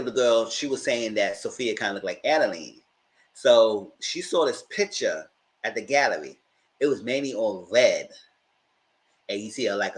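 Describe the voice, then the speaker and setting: A man hosting a live TV review stream, retelling the plot in a loose, slangy way and putting on voices for the characters he quotes. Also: fairly low pitch. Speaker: TV review channel host. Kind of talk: casual live TV recap.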